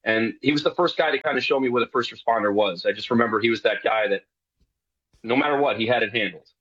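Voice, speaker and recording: A man's voice: medium pitch, quick pace, fairly bright tone, husky, dry recording, muffled recording. A man from New York talking casually as a guest on a radio show, rambling with lots of fillers and restarts.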